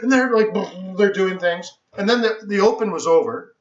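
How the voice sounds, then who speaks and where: Excitable high-voiced man telling a story. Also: measured pace, echoey room, lo-fi sound. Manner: excitable, acts out other people's voices, lots of restarts. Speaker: trading educator and host. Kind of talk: animated storytelling on a live stream.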